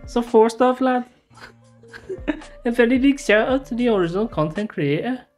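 An Irish man putting on a hammy Liverpool accent, pitched high above his usual voice and playful. The attempt is exaggerated and lands loosely. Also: animated, very slow, warm tone, soft background music, full character voice. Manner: playful, exaggerated, breaking into laughter.

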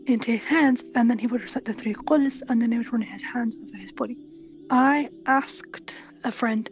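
In a personal testimony interview, a woman with a stammer candidly tells her own story, animatedly acting out past conversations. Her voice is fairly high and her delivery brisk.

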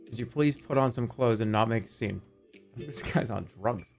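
A man in his thirties playing a video game, swearing and swinging between low mutters and excited yelps. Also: normal speed, vocal fry, soft background music. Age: 30s. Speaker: streamer. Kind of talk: let's play commentary.

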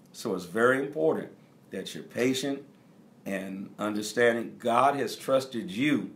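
A middle-aged man delivers a teaching sermon as a bishop, in a voice of ordinary pitch. He speaks straight to his congregation and drives home his points by repeating them. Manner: emphatic, repeats key phrases.

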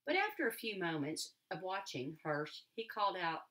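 A woman teacher reading a novel aloud to her class in an expressive storytelling manner. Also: low-pitched, moderate pace, few pauses. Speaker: elementary school teacher.

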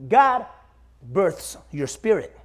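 A man in his forties preaches in a church with a high, lively voice that climbs and drops all over the place. He tells stories with humor and checks in with the room, asking "Amen?" as he goes. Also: slow. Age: 40s. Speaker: pastor. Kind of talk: sermon. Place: church sanctuary.

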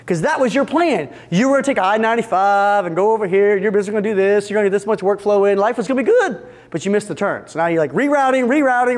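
At a retreat for fence business owners, a man with a high-pitched voice delivers a business seminar to the live crowd. He keeps things lively with jokes, talks straight to the room, and acts out small scenes.

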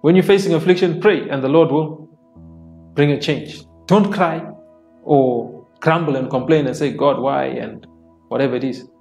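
A man's voice: fairly high pitch, normal speed, gravelly. A man preaching a sermon, reading scripture aloud and explaining it plainly, repeating phrases for emphasis. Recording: soft worship music underneath.

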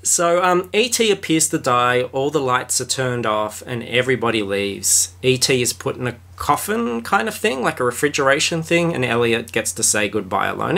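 Deadpan man reading aloud sarcastically. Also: medium pitch, brisk, creaky, few pauses. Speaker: podcast host. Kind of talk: comedic book reading and chat.

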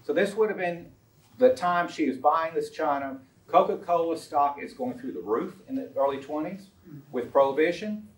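A man's voice: on the high side, moderate pace. A man giving an illustrated lecture on a historical collection, chatty and anecdotal, with frequent ums and uhs. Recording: roomy sound from a distant mic.

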